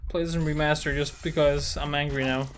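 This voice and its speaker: A man giving let's play commentary on a shooter game, frustrated and swearing, shouting at enemies. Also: a little high, level tone, a little fast, slight background noise. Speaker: gaming YouTuber.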